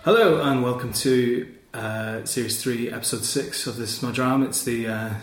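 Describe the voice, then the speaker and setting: Dry-humoured podcast co-host. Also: male voice, mid-range voice, moderate pace, soft background music. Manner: dry, self-mocking jokes, quiet and rambling. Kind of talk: casual chat. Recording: roomy echo.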